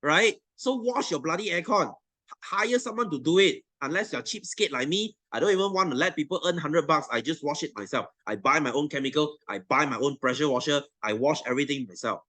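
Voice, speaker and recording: A man's voice: a little high, animated, fairly quick, pushed and bright, no echo. A young adult man with a Malaysian English accent, teaching a science class in a blunt, swearing, teasing rant to his students. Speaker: science tutor.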